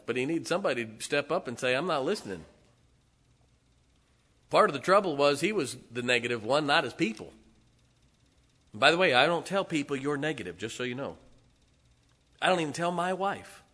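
A middle-aged male pastor preaches in a church with a bright, forceful voice on the high side. His style is loose and conversational, with asides and chuckles dropped between points as he addresses the congregation.

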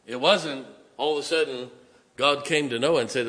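A man's voice: mid-range voice, normal speed, sharp tone. Man preaching in an echoing hall. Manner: emphatic preaching, reading scripture aloud then explaining it. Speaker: pastor. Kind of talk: sermon. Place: church sanctuary. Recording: long reverb of a large hall.

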